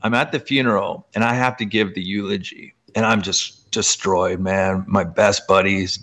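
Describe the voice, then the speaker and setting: Lively, low-voiced man telling stories. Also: normal speed. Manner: animated, pitch jumping up in excitement; heavy use of "like" as filler. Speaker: guest author. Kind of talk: casual storytelling conversation.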